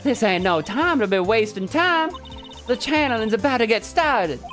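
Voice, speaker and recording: A woman voicing an excitable paranormal photographer with a put-on Southern US accent, high and lively. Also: moderate pace, soft background music. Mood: eager. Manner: folksy, excitable, drawling.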